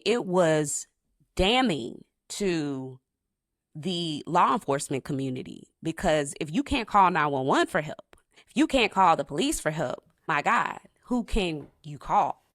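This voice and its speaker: A very low-pitched woman retells a true crime case on a podcast in a dry, close sound. Her delivery is intense and indignant. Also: animated, a little slow, no room sound. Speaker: podcast co-host.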